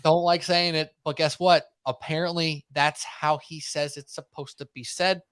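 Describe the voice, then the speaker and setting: A man hosting a sports podcast in casual chat, talking in animated, rambling runs and mocking himself. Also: fairly high pitch, moderate pace, clear, resonant tone, no echo. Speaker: podcast host.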